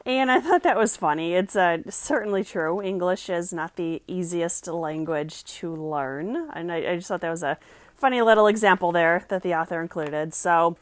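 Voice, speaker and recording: A woman's voice: lowish voice, normal speed, dry recording. Woman, casual book review vlog, chatty, reads passages aloud, dry sound.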